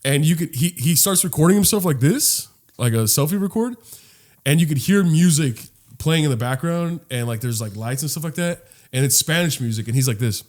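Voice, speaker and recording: A man co-hosting a podcast in casual chat, animated and profane, rambling with many restarts. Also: on the high side, brisk. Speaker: podcast co-host.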